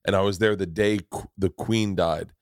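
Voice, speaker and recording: A man's voice: low-pitched, steady tone, moderate pace, no room sound, studio quality. A man hosting a podcast in casual chat, telling stories in a profane, rambling way. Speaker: podcast host.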